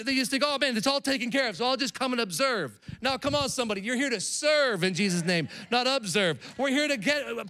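High-voiced animated man preaching. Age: adult with young children. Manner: animated, calls the crowd to respond. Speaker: pastor. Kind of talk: sermon. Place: church hall with a live congregation.

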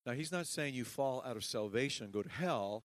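A man's voice: mid-range voice, lively intonation, normal speed, no echo. Emphatic preaching man, dry close sound. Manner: dynamic preaching, swings between hushed and emphatic. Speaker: pastor. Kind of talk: sermon.

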